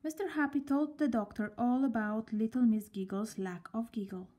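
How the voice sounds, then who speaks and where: A woman reading a children's story aloud in a gentle voice, often dropping near a whisper. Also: fairly high pitch, moderate pace.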